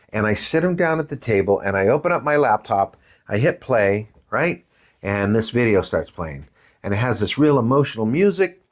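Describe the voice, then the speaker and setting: Guy giving a parenting talk, chatty and animated, acts out the story bits. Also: mid-range voice. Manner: conversational, tags lines with "right?" and "man"; animated, acts out voices in anecdotes. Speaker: parenting course speaker. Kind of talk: lecture with storytelling.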